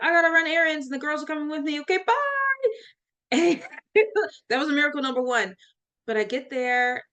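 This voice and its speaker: A woman's voice: medium pitch, fairly bright tone. A woman, a life coach, telling a personal faith story in an interview, laughing often and acting out quoted voices.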